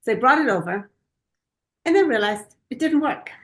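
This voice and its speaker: A middle-aged woman from Germany co-hosting a podcast, telling anecdotes in a lively, casual way. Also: fairly high pitch, normal speed. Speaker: podcast co-host. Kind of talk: casual chat, storytelling.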